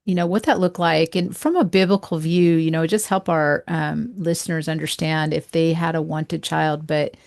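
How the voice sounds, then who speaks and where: A woman hosting a podcast interview with a low voice and a gravelly, creaky texture. She asks gentle, searching questions and pauses often on ums as she feels her way forward. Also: fairly even intonation. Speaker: podcast host.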